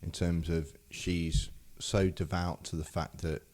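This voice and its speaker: A man's voice: low-pitched, level tone, slow pace, noisy background. A man co-hosting a podcast, telling a history story in casual chat with many restarts. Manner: rambling storyteller with frequent restarts. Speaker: podcast co-host.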